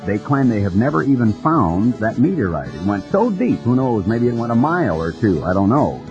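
A man preaching a radio sermon in a folksy, storytelling manner, with a husky voice. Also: mid-range voice, big pitch swings, normal speed, music in the background. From United States. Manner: folksy storytelling, mimics voices in quoted dialogue. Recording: dull lo-fi radio broadcast.

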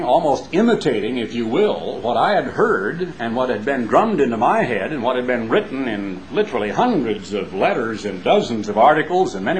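A man with an American twang, an evangelist giving a broadcast sermon in a conversational preaching manner, slowing down to stress key phrases. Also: mid-range voice, a little hiss or hum, rough recording. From United States.

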